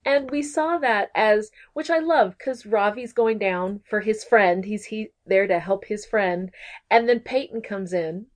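A woman's voice: mid-range voice, unhurried. A woman from Texas co-hosting a podcast, chatting casually and gushing about a TV episode. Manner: bubbly and gushing, with giggly asides. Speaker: podcast co-host. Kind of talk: casual chat recapping a TV episode.

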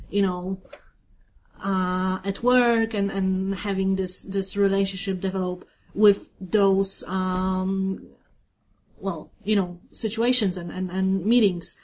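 A woman's voice: medium pitch, warm tone. A woman co-hosting a podcast, chatting casually and enthusiastically about a TV episode, rambling with many fillers. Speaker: podcast co-host. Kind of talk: casual TV recap chat.

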